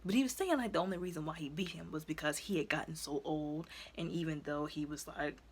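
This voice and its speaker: A woman's voice: low voice, fairly quick, slight background noise. A woman casually reviewing episodes on her channel, rambling and chatty with lots of fillers as she retells the story. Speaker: video reviewer.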